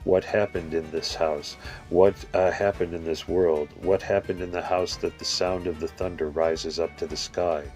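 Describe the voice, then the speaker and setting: A man's voice: low voice, steady tone, normal speed, a little mellow, faint music behind, close to an everyday voice. A man reading the lines of a troubled, pleading first man in his own plain voice.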